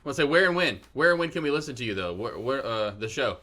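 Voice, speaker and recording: A man's voice: medium pitch, sing-song, fast talker, bright, forceful tone. A man hosting a podcast interview, upbeat and repeating his questions. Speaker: podcast host.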